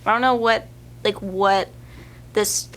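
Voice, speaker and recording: A woman's voice: mid-range voice, fairly even intonation, slow, a bit bright, a little hiss or hum. A woman coworker in an office comedy skit, nagging and exasperated as she questions him. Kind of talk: mockumentary comedy acting.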